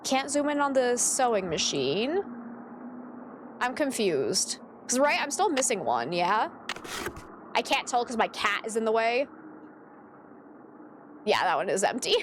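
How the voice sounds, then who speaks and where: A woman's voice: a little high, very animated, measured pace, long pauses, background noise. A woman streamer chatting casually while playing a game, exasperated and swearing casually as she goes. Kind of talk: casual gameplay commentary.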